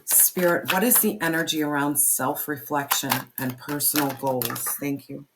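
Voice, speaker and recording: An intense tarot reader talks straight to the listener in a fiery pep-talk, hammering points home with repeated phrases and plenty of swearing. The pitch sits in a middle range, neither high nor low. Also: normal speed, heavy background noise. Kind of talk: spoken tarot reading to camera.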